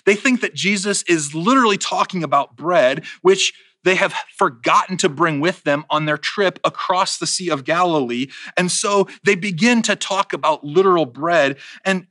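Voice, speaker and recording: A man's voice: sits high, expressive, moderate pace, hardly any pauses, sharp tone, no room sound, studio quality. A man preaching a sermon in a conversational way, checking in with his listeners as he retells stories.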